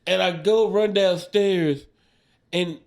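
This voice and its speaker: A man in his forties, a stand-up comedian, tells a story on a podcast. His voice sits a bit high for a man, and he talks in an animated, profane way, laughing through the tale. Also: normal speed.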